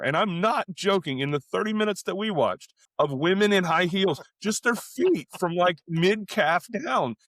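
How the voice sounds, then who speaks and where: A man co-hosting a casual podcast, telling stories in an animated way, often stumbling over and repeating his words. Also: fairly high pitch, no echo, clean studio sound. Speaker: podcast co-host. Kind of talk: casual conversational podcast chat.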